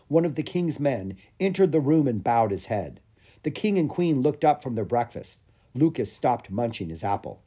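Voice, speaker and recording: Expressive children's book reader. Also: mid-range voice, breathy edge. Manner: lively, expressive narration. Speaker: audiobook reader. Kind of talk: children's storybook read-aloud.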